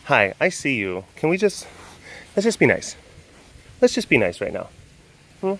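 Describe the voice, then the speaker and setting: A man keeping big cats, narrating a casual vlog outdoors and cooing softly at the animals in baby talk. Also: medium pitch, very animated, normal speed. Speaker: big cat keeper.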